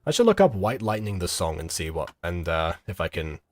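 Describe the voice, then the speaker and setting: A young man giving rambling, halting reaction commentary with lots of fillers and giggles. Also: low-pitched, big pitch swings, no echo, studio quality. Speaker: streamer reacting to a video.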